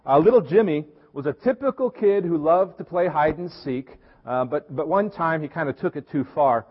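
A middle-aged male pastor from Tennessee gives a relaxed, story-driven sermon with plenty of fillers. His voice sits slightly high. The recording is muffled and carries a long reverberation from the sanctuary. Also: moderate pace, slightly rough. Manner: conversational, storytelling preacher with fillers. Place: church sanctuary.

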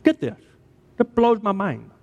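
A man's voice: sits high, huge pitch swings, unhurried, gravelly, a little mellow. A man preaching a sermon as a pastor, dramatic and emphatic, repeating key words for effect. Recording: long hall reverb.

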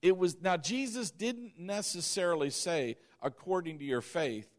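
A man's voice: high voice, normal speed. A male pastor preaching a sermon, reading scripture aloud and repeating key phrases for emphasis, at times asking the congregation to repeat after him.

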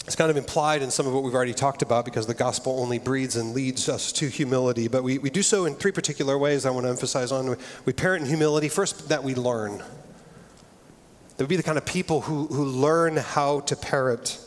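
A man's voice: medium pitch, quick pace. Earnest man preaching in a reverberant hall. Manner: earnest, conversational preaching with frequent restarts. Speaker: pastor. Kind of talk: sermon. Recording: long reverb of a large hall.

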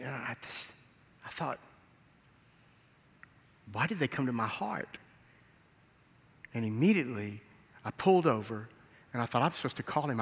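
Preaching man in an echoing hall. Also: medium pitch. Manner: storytelling, acting out dialogue, rising to loud emphasis. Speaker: pastor. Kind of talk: sermon. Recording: reverberant hall.

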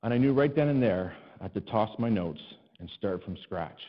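A male pastor telling a personal story in a sermon, animated and self-deprecating, rising to exasperated cries to God. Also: lowish voice, a little fast, in a large hall, muffled recording.

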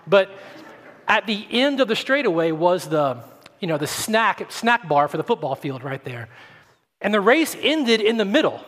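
A pastor from Atlanta, Georgia, in the US, preaches a sermon in a church sanctuary, his high-pitched voice fairly bright in tone. He speaks earnestly and often repeats words as he begins a sentence, and the recording carries long church-hall reverb.

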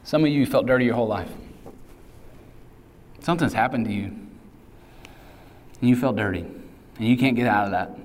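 A male pastor preaches in a loose, talky manner, dropping casual asides and acting out the lines he quotes. His mid-pitched voice rings out with a long reverb, as from a large hall. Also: normal speed, pauses often, a little mellow. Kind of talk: sermon.

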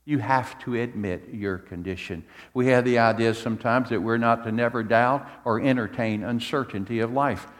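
A middle-aged male pastor preaching a sermon, animated and swinging from soft to loud, repeating himself and asking "amen?". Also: medium pitch, normal speed, hardly any pauses, long reverb tail. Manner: repeats words and restarts, asks the congregation "amen?". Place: church sanctuary.

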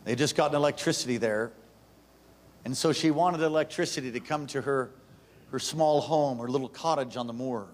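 A middle-aged man preaching a sermon, intense and animated, telling stories and jumping into high voices for characters. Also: a little fast.

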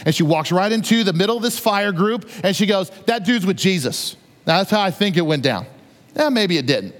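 Male preacher, conversational storyteller who acts out scenes; high voice, echoing hall. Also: expressive, a little fast. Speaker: pastor. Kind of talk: sermon. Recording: long reverb of a large hall.

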